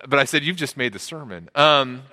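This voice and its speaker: Bright-voiced preacher in a reverberant hall. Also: male voice, expressive, brisk. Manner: earnest, repeats words, rises in pitch for emphasis. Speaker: pastor. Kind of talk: sermon.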